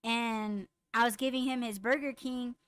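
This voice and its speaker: A woman hosting a podcast, chatting casually and bluntly with lots of swearing, getting raised and animated when riled. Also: on the high side, normal speed, smooth, no room sound. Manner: blunt, profane storytelling. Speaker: podcast host. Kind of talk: casual chat with live comments.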